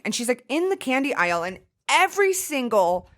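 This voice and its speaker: A woman co-hosting a podcast in loose, casual chat. Her pitch swoops up and down as she talks, and she swears often and fills her sentences with "like.". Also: a little fast. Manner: animated, swears freely, many fillers. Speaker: podcast co-host.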